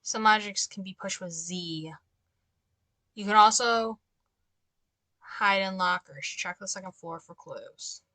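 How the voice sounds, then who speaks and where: A woman's voice: medium pitch, takes it slowly, pauses often, pushed and bright, no echo. A young woman giving casual let's-play commentary, chatty and given to exasperated ranting asides. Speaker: gameplay commentator.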